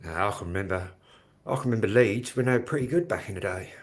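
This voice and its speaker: A fast-talking, middle-aged livestream host from Kent, England, has a lowish voice with lively intonation. He rambles on casually to his audience, using many fillers.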